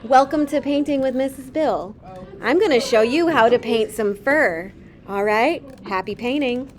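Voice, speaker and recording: A woman art teacher giving a chatty, gentle painting demonstration in a classroom. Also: on the high side, unhurried.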